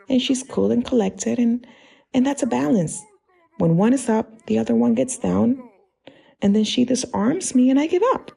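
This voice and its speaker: A woman preaches a sermon in a heavily gravelly, creaky voice. Her tone is dark and husky. She talks straight at her listeners and keeps firing rhetorical questions at them. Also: medium pitch.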